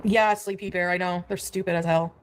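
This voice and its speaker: A woman's voice: on the low side, steady tone, a little fast, slight background noise. Mocking woman streamer. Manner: mocking and scornful. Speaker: streamer in a clip being reacted to. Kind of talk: casual livestream chat.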